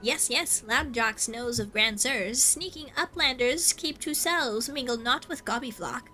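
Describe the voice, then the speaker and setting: A woman's voice: on the high side, unhurried, bright, forceful tone, faint music behind. A woman voicing a sly male goblin merchant who speaks in broken, clipped phrases. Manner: broken clipped speech, drawn out.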